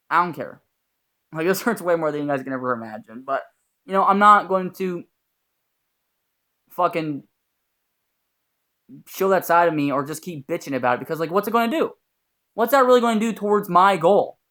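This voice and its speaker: A man's voice: fairly high pitch, fairly bright tone. A young man giving a blunt, profane, earnest motivational talk as a YouTuber. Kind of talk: motivational vlog monologue.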